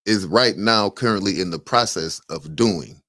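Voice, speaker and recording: A man's voice: low-pitched, unhurried, a bit bright, no room sound, clean studio sound. A man co-hosting a casual community podcast, speaking emphatically and indignantly. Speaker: podcast co-host.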